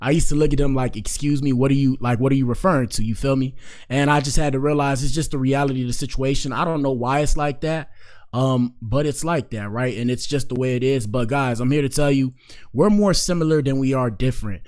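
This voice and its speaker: A man's voice: mid-range voice, a little fast, a little mellow. A man hosting a live stream, chatting in a rambling, slangy way with many fillers. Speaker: streamer host. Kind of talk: casual live-stream commentary.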